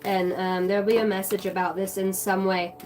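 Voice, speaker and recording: A woman's voice: mid-range voice, little pitch movement, fairly quick, a little mellow. A woman giving a collective tarot reading on a livestream, talking in a loose, meandering way with casual swearing and many fillers. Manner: casual, meandering, swears freely, talks to chat. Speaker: tarot reader streaming live.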